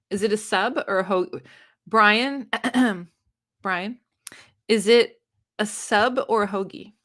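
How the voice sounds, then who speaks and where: A woman's voice: mid-range voice, a bit bright. Giggly, chatty woman hosting a live stream. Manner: giggly, chatty, often laughs and restarts. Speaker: booktube live-stream host. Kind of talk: casual live-stream chat, reading comments aloud.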